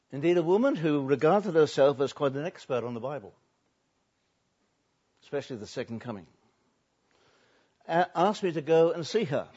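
An older man, a pastor, preaching a sermon, swinging between soft and loud and drawing out words for emphasis. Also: a little high, slightly rough. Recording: dull lo-fi recording.

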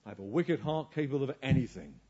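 A man preaching a sermon. He asks rhetorical questions and swings between hushed lines and forceful emphasis. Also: mid-range voice, big pitch swings, fast talker, dull audio.

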